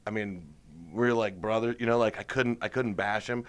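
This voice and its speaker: A man, a stand-up comedian, chatting in an interview and telling animated stories with frequent laughs. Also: lowish voice, normal speed. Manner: animated storyteller, laughs often. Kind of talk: casual interview chat.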